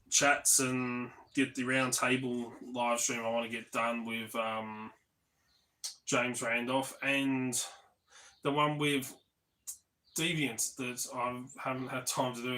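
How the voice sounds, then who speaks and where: A man's voice: medium pitch, sharp tone, rough recording. A man hosting a casual live stream, rambling along with lots of ums and restarts, laid-back and swearing offhandedly.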